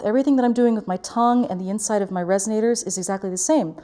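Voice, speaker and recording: Mellow-voiced woman teaching diction. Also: medium pitch, very fast. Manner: clear, careful articulation, demonstrating vowels. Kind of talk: diction lesson.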